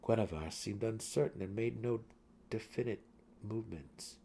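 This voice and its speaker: A man giving a dramatic reading of a fantasy novel, swelling louder and sinking to hushed tones, with a husky voice. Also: lowish voice, normal speed, slight background noise. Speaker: audiobook narrator.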